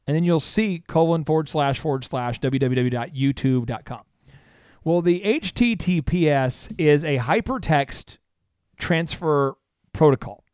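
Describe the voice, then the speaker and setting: Man, business podcast host, energetic, rambling analogies, slightly high voice, dry close sound. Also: no echo. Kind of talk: casual podcast chat.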